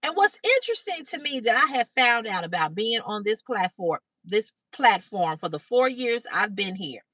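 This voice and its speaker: Lively high-voiced woman chatting on a livestream. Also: moderate pace, dry recording. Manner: chatty, animated storytelling, greets viewers. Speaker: livestream host. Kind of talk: casual livestream chat. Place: outdoors in sunlight.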